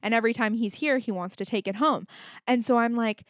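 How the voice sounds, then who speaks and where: A woman's voice: a little high, brisk, no room sound, clean studio sound. Chatty young woman, candid podcast talk. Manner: chatty and candid, lots of "like" and swearing. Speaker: podcast host. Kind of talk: casual solo podcast chat.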